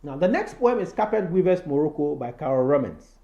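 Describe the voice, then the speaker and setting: A man's voice: fairly high pitch, big pitch swings, brisk, dark tone. Man teaching poetry, echoey muffled room. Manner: explanatory, repeats words, many "you know" and "so" fillers. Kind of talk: recorded poetry lesson.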